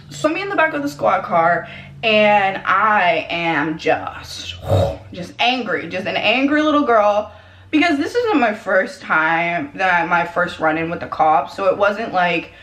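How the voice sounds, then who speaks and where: A young woman telling a personal story in a casual, animated way, slipping into quick voices for the people she quotes. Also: medium pitch. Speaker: vlogger. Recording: echoey room.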